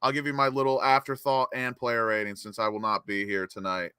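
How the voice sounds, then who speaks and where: A young man hosting a live football watchalong, giving excitable, emotional fan commentary into a close mic. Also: mid-range voice, brisk, clear, resonant tone, no echo. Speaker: watchalong host.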